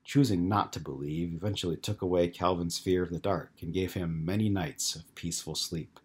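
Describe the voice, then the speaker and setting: A man narrating an audiobook in a calm, even storytelling manner. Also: deep voice, moderate pace, slightly rough. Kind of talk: scripted narration.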